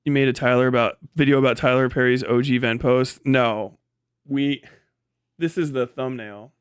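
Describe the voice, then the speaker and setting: A man's voice: medium pitch, fairly even intonation, normal speed, smooth, no room sound, clean studio sound. A man talking casually on a livestream, rambling and swearing, often laughing and trailing off. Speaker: live streamer.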